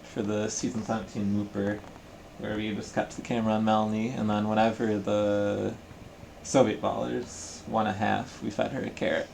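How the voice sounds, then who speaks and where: A man casually chatting on a home livestream, relaxed and rambling, picked up by a camera mic at home. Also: on the low side, moderate pace, gravelly. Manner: relaxed, rambling, chuckling asides. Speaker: stream caster. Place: home room. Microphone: computer camera mic. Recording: noisy room ambience.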